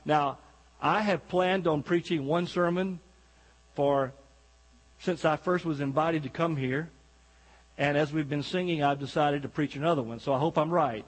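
Husky high-voiced folksy preacher man. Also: moderate pace, big-room sound, poor audio. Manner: folksy, joking, talks directly to the congregation. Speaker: guest pastor. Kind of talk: sermon. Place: church sanctuary.

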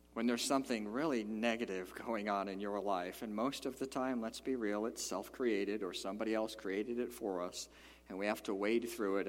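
A man preaching a sermon in a church, animated and emphatic, rising to loud peaks and dropping to quiet asides. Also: on the low side. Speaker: pastor. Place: church sanctuary. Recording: long hall reverb.

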